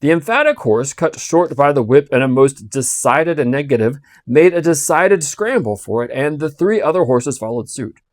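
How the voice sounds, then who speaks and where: A man narrating a classic novel with expressive, storytelling delivery. His voice sits a little high and the recording is dry and close, with no room sound. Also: moderate pace, hardly any pauses, dry recording. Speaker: audiobook reader.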